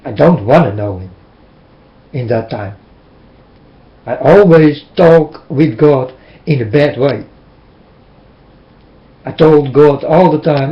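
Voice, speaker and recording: A man's voice: medium pitch, takes it slowly, long pauses. A man whose first language is Dutch, giving a fervent, preachy religious monologue to his webcam and addressing viewers directly. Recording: dull lo-fi webcam audio.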